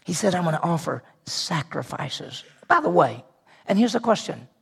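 High-voiced pastor guy preaching, gravelly edge, gets loud then goes real quiet. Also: moderate pace. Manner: animated preaching, swings from loud emphasis to hushed quiet. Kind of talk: sermon. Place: church sanctuary with congregation.

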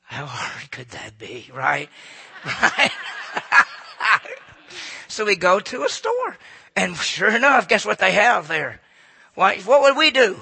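A man's voice: high voice, huge pitch swings, takes it slowly, vocal fry, pauses often, pushed and bright, husky. A man giving a humorous, folksy talk to a live audience, often asking the crowd questions. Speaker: speaker addressing an audience.

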